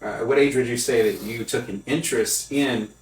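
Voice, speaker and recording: A man hosting a podcast, asking questions in an unhurried, hesitant way with frequent fillers. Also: mid-range voice. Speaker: podcast host. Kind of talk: casual interview questions. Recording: echoey room, mic at a distance.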